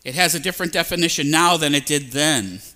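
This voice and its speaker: A male pastor giving a lively sermon, sometimes imitating babbling sounds to make a point. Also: fairly high pitch, fast. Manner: animated, mimics babbling sounds. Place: church sanctuary.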